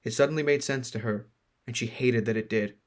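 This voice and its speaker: A man reading a fantasy novel aloud at a slow, even storytelling pace. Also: mid-range voice. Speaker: narrator.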